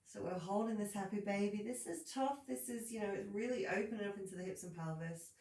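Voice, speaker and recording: A woman leads a slow yoga session in a soft, gentle voice, with a gravelly edge of fry. She sits a little back from the mic, so her words carry a roomy echo. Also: medium pitch, distant mic. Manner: soft, gentle cueing with frequent yawns and light laughs. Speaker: yoga teacher. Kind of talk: guided yoga instruction. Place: room at home, practising on her mat.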